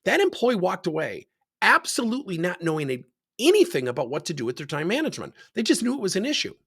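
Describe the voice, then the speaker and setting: Here the coach's voice is high-pitched and breathy, and he speaks fast to camera. Talking about coaching leaders, he acts out the dialogue of his workplace stories with animation.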